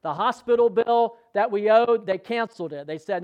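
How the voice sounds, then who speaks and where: Male pastor, high voice, folksy sermon storyteller who quizzes the room. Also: brisk, lo-fi sound. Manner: conversational storytelling, quizzing the congregation.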